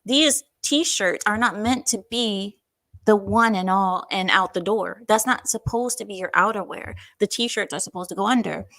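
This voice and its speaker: A woman's voice: mid-range voice, normal speed, dry recording. Chatty woman hosting a livestream. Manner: chatty, animated, breaks into silly voices and laughs. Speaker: livestream host. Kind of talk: casual livestream commentary, reading viewer comments.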